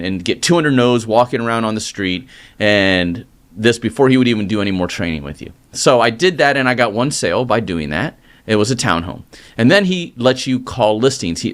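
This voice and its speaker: Middle-aged man, mortgage guest, lively anecdotal delivery, mid-pitched voice. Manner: energetic, animated storytelling with acted quotes. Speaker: mortgage loan originator, guest. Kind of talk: casual storytelling interview.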